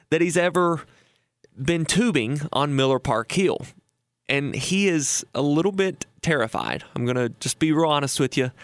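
A man's voice: on the high side, dry recording. A man in his thirties hosting a radio show on retirement, telling a story in a folksy, chatty way with fillers and restarts. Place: radio studio.

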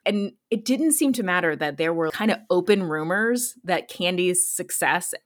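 On a podcast, a woman in her thirties narrates a true-crime tale in her animated, somewhat low voice at a normal pace. She chats casually, scattering "like" throughout and laughing frequently.

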